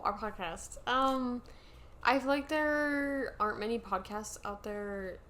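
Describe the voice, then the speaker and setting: A woman's voice: mid-range voice, a bit bright, slight background noise. A young woman co-hosting a podcast, talking in a chatty casual way full of "like" fillers. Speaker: podcast co-host. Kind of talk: casual chat.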